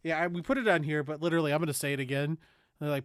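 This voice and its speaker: A man's voice: fairly high pitch, fairly even intonation, rapid-fire, a bit bright, clean tone, no room sound, studio quality. A man co-hosting a podcast, casually recapping a movie, swearing, laughing and acting out lines. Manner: profane, laughs a lot, acts out movie lines. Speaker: podcast co-host.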